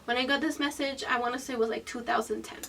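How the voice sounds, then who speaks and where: A woman in her twenties telling a story from her own life in a vlog. She is animated and profane, and she swings between loud bursts and hushed whispered asides. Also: on the high side, fast talker, vocal fry, far from the mic. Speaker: vlogger.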